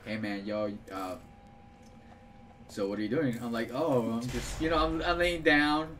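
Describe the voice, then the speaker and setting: A young man hosting a casual gaming video, swearing and laughing as he tells stories and yells instructions at a friend. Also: medium pitch, lively intonation, moderate pace. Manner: profane, laughing, swings from storytelling to yelling at his partner.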